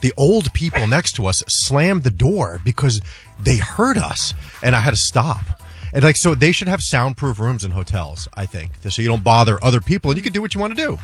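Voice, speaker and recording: Male radio co-host, mid pitch, lively, sheepish and laughing, faint music under him. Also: fairly quick, husky. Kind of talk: morning radio banter.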